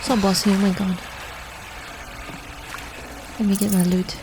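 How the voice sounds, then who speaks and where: A woman's voice: medium pitch, level tone, measured pace, noisy background. A woman casually commenting aloud as she plays a video game, reacting to the action as it happens. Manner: chatty, reacts aloud while playing. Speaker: gameplay streamer. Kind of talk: casual let's play commentary.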